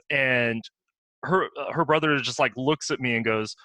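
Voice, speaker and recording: A man hosting a casual chat, relaxed, laughing often and telling his own stories. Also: medium pitch, moderate pace, dry recording. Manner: relaxed, laughs often, short agreeing replies.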